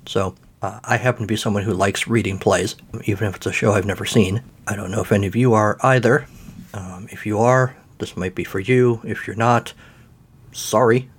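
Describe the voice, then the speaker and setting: A man's voice: fairly low pitch, fairly even intonation, moderate pace, husky. A man hosting a podcast in a rambling, self-deprecating way, full of fillers. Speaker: podcast host. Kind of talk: casual podcast talk.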